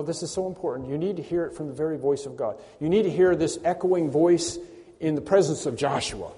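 Man preaching, emphatic, repeats key words, mellow voice, long hall reverb. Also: on the high side. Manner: emphatic, repeats key phrases with rising force. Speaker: pastor. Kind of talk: sermon.

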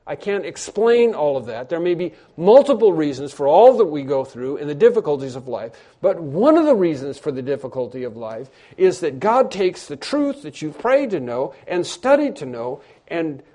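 A man delivers a sermon as a story, his voice mellow and a little high for a man. He drops to near-whispers and then builds to emphatic lines, often stumbling over and repeating his words. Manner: earnest storytelling, swings between hushed and emphatic. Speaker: preacher.

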